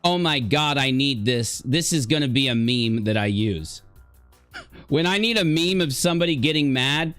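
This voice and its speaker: A man live-streaming reactions to clips, excitable and quick to exclaim and laugh. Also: mid-range voice, faint music behind. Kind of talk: casual reaction commentary.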